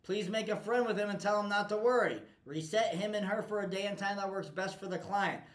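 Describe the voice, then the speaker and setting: Man, high voice, blunt motivational team talk, swears a lot, echoey room. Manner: forceful, profane, pushy. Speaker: business coach addressing his team.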